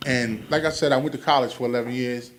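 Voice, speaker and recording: A man's voice: mid-range voice, fairly even intonation, fast talker, a bit bright, a little hiss or hum. A man doing a stand-up comedy set, telling stories animatedly and acting out quoted voices.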